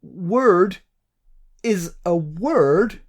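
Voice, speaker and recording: A man's voice: sits high, expressive, very slow. A man co-hosting a podcast in casual chat, playfully explaining word trivia with relish. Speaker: podcast co-host.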